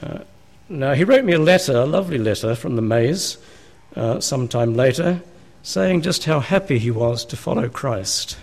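A man's voice: mid-range voice, lively intonation, normal speed, gravelly, darkish tone. A man, a pastor preaching a sermon in a church, talking conversationally and asking his listeners rhetorical questions.

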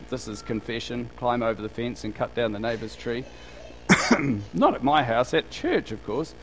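A man's voice: medium pitch, a little hiss or hum, poor audio. A man preaching a conversational sermon in a church, asking the congregation rhetorical questions and acting out what people say. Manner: acts out quoted speakers in a livelier voice. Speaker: pastor.

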